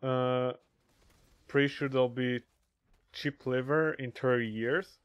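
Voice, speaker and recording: A man's voice: mid-range voice, fairly even intonation, takes it slowly, clear, resonant tone, lo-fi sound. A man casually chatting on a gaming livestream, crude and joking as he reads chat aloud. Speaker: streamer.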